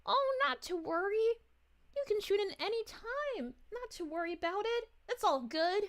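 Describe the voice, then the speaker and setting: A woman's voice: extremely high pitch, expressive, normal speed. A woman voicing a bubbly, cheerful young princess, greeting viewers exclamatorily and with giggles. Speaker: VTuber streamer. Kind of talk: in-character livestream chat reading.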